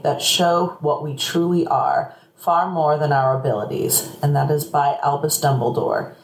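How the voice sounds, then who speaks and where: A woman hosting a podcast, reading guests' quotes with a quick, playful, teasing manner. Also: low-pitched, darkish tone. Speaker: podcast host. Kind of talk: casual recap monologue. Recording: echoey room with faint noise.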